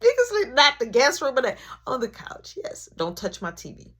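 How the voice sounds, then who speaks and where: A man's voice: very high-pitched, sing-song, normal speed, pitched above the performer's own voice, exaggerated voice. A young man voicing his strict, angry mother as she scolds her sons during a storytime. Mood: stern. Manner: sharp, scolding, preachy.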